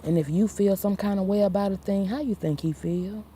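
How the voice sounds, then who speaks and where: A woman's voice: mid-range voice, brisk, warm tone, a little hiss or hum. A woman giving a rambling, preachy faith vlog monologue. She talks straight to her viewers, calling them honey and y'all, restarting lines and laughing at herself. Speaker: vlogger.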